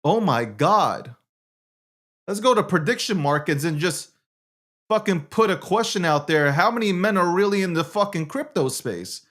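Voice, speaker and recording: A man hosting his own show alone, talking brashly with lots of swearing, swinging from low muttering to loud ranting. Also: lively intonation, normal speed. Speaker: show host. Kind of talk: animated solo monologue.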